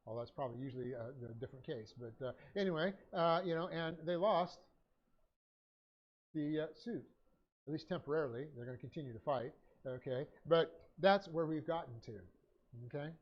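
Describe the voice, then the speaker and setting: A man teaching a Bible study class and dictating his notes, talking haltingly with many fillers and self-corrections. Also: on the high side, muffled recording.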